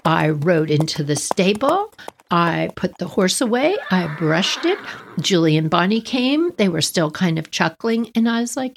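A woman telling a personal childhood story on her podcast, lively and laughing, talking straight to her listeners. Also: on the low side, unhurried, creaky.

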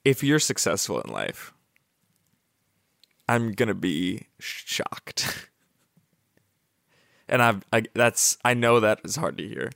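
A man playing a blunt, exasperated high-school college counselor with dry deadpan delivery, in an improvised comedy sketch. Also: slow, gravelly, pauses often, dry recording, heavily acted. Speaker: comedy podcast co-host.

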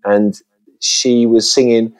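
A man, a guest chatting casually and acting out lively voices in his stories. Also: medium pitch, slow. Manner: chatty storytelling, lively voices when quoting. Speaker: guest, children's TV presenter. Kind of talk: casual interview chat.

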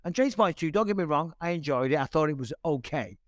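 A man's voice: a little high, expressive, quick pace, dry recording. A man from Britain hosting a podcast, talking bluntly and enthusiastically with plenty of swearing. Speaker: podcast host. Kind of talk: casual chat.

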